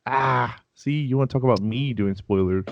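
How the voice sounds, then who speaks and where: A man's voice: mid-range voice, moderate pace, creaky, no echo, dull audio. A man co-hosting a casual anime chat, talking in a chatty, defensive way and laughing easily. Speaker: podcast co-host.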